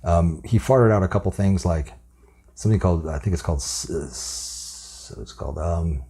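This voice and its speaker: A man rants in a very low, husky voice, swearing and scoffing as he picks apart a story. His tone is dark and mellow even while he is angry, and he rambles and repeats himself. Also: normal speed. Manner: profane, scornful, rambling. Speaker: commentary vlogger. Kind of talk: angry commentary rant.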